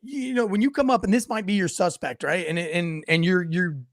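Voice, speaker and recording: Casting: animated cop co-host, high voice, big swings, dry close sound. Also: male voice, fairly quick, no echo. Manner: animated, acts out voices in stories, swears freely. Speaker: podcast co-host, police officer. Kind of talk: casual chat.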